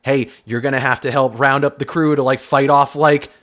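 A man's voice: mid-range voice, fairly even intonation, moderate pace, fairly bright tone. A man co-hosting a podcast, giving rambling, filler-heavy answers in casual banter. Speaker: podcast co-host.

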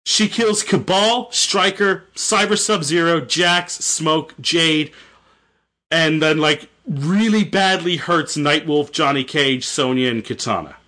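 A man's voice: fairly high pitch, takes it slowly, pushed and bright. A young man casually retelling a story, rambling, swearing and correcting himself. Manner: rambling, profane, self-correcting. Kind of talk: casual chat.

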